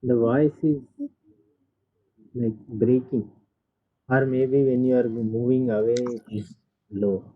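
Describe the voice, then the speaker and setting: A man's voice: medium pitch, steady tone, slow pace, long pauses. A man taking part in an online class, speaking politely and hesitantly on a video call. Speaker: class participant. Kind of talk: casual remark on a call. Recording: tinny phone-like call line.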